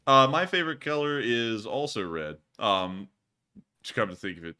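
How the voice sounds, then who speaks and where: A man's voice: mid-range voice, very animated, normal speed, bright, forceful tone, smooth. A man hosting a casual livestream Q&A, chatty, laughing easily and repeating stock thank-you phrases. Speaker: livestream host.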